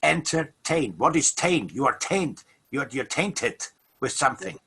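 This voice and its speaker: Man, co-host, husky, bright tone, explanatory, casual talk. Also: mid-range voice, very animated, unhurried. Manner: explanatory, lecturing. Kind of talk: casual conversational chat.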